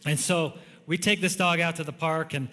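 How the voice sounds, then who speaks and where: A man's voice: fairly high pitch, fairly even intonation, moderate pace, sharp tone, in a large hall. A male pastor giving a conversational sermon, telling stories with frequent chuckles.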